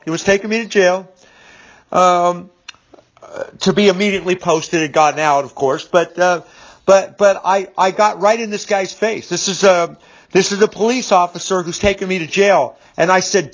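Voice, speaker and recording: A man in his fifties talks through a personal story in a loose, rambling way, often stumbling over his words, repeating them and filling pauses. His voice sits fairly high for a man. The recording sounds dull and lo-fi. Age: 50s. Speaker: business speaker. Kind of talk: casual storytelling monologue.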